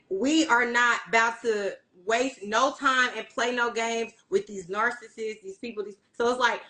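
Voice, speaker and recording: A woman's voice: on the high side, pushed and bright, rough recording. A woman giving a casual livestream tarot reading, emphatic and profane, preaching encouragement in a spiritual way. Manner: profane, emphatic, keeps asking "you see what I'm saying". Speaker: tarot reader.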